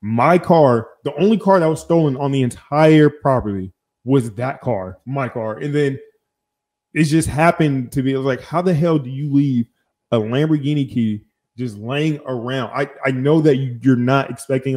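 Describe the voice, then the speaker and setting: A young man hosting a podcast, telling a story in casual chat, animated and profane, acting out both sides of phone calls. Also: medium pitch, moderate pace. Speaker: podcast host.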